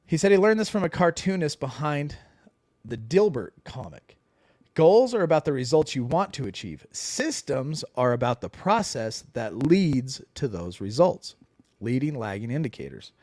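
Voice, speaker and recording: A man co-hosting a casual book podcast, his pitch bouncing around as he reads passages and comments on them. He sounds animated and conversational. The recording is close and dry, with no room sound. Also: normal speed, no echo. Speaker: podcast co-host.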